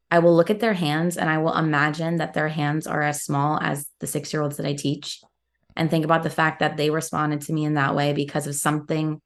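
A woman's voice: low voice, vocal fry. A young woman, an actor and guest, talking earnestly in a casual podcast interview. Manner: earnest, quick bursts with laughs.

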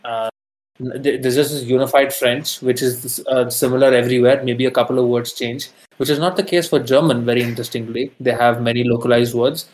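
A man from India, a podcast guest talking casually, often pausing with fillers and correcting himself mid-sentence. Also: mid-range voice, rough recording. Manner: thoughtful, with frequent fillers and self-corrections. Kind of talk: casual interview conversation. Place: lives in France.

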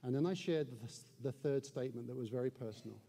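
A man preaching a sermon as pastor, telling stories and dropping to a hushed voice at tense points. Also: medium pitch, fast. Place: large church hall with a live congregation. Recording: long hall reverb.

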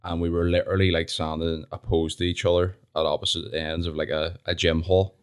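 A man's voice: low-pitched, flat delivery, brisk, clean tone. A young man with a Northern Irish accent, chatting casually as a podcast guest, laid-back and swearing now and then. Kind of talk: casual chat.

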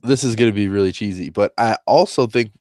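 A man's voice: lowish voice, a little fast, darkish tone, no echo, clean studio sound. A man co-hosting a casual sports podcast, sounding nasal from a cold and talking with plenty of ums and uhs. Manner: chatty, with fillers like um and uh. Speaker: podcast co-host.

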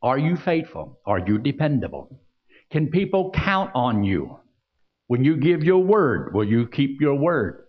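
A man's voice: mid-range voice, very animated, a little slow, muffled recording. A man preaching a sermon, asking the congregation questions and reading scripture aloud. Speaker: pastor.

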